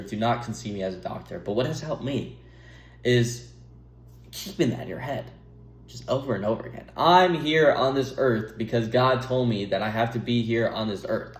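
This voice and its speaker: Young man, rambling, self-interrupting, chuckling at himself, mid pitch, echoey room. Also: normal speed. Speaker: YouTuber giving advice. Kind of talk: rambling casual monologue to camera.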